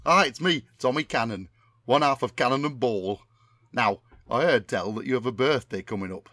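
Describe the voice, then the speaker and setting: A man's voice: mid-range voice, moderate pace, sharp tone, dry recording, studio quality, faint music behind. A man doing an impression of a middle-aged northern English entertainer with a Bolton accent, rambling in a chummy, oblivious way.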